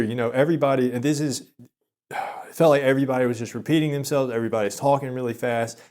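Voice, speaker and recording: A man's voice: medium pitch, fairly even intonation, darkish tone. Rambling self-deprecating man in his thirties. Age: 30s. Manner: rambling, self-deprecating, halting with many restarts. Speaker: vlogger. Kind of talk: confessional storytelling monologue.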